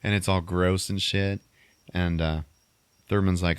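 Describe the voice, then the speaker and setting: A man with a lowish voice rambles through a movie recap on his podcast, laughing often and swearing freely. His voice sounds close and dry, with no room around it. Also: flat delivery, unhurried, long pauses, clear, resonant tone, no room sound. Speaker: podcast host. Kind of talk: casual comedic movie recap.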